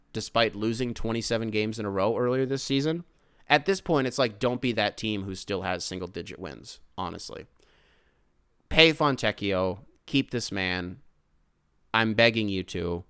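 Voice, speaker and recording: A man's voice: mid-range voice, fairly bright tone, clear, resonant tone, dry recording, clean studio sound. Rambling, profane young male podcast host. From United States. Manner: rambling, profane, rants with tangents. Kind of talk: casual sports podcast monologue.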